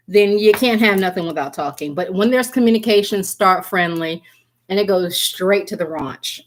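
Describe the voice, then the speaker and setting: A woman doing a live tarot reading who chats easily with her viewers. Her voice sits at a middle pitch, and she talks in a loose, giggly way. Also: slight background noise. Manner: giggly, keeps breaking into laughter and apologizing; chatty, addresses viewers by name. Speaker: tarot reader.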